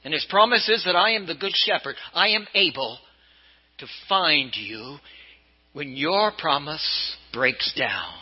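An older man from California preaching a sermon as a bishop, telling stories and swinging his pitch up and down for emphasis. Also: lively intonation, a little slow, breathy edge, muffled recording. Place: church.

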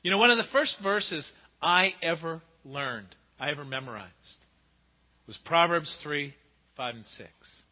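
A man preaching a sermon emphatically, asking rhetorical questions and swinging between loud and hushed delivery. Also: a little high, lively intonation, unhurried. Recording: muffled with long hall reverb.

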